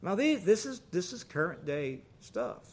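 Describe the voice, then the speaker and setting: A middle-aged man preaching a sermon, folksy and animated, telling stories with big swings in loudness. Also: high voice, moderate pace.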